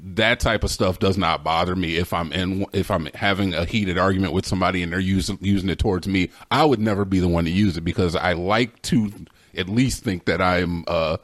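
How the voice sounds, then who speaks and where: A man's voice: sits low, fairly quick, dry recording, clean studio sound. A man co-hosting a podcast, laying out his view step by step in a casual chat. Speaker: podcast co-host.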